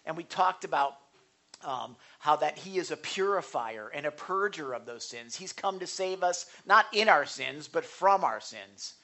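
A man's voice: a little high, animated, a little slow, sharp tone. A man preaching a sermon in an earnest, conversational way, asking the congregation questions and building to emphatic bursts. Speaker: pastor.

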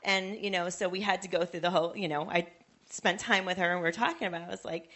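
A woman's voice: on the low side, fairly even intonation, fast talker, a bit bright. A woman in the congregation telling a story from her own life, speaking conversationally with light hesitations. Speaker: congregation member sharing a story. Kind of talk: casual testimony.

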